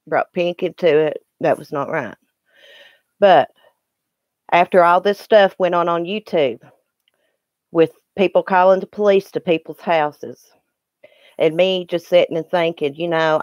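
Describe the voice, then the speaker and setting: A woman's voice: low voice, darkish tone, no room sound, clean studio sound. A middle-aged woman, chatting emotionally and ramblingly to viewers in a morning live stream, recorded on her phone.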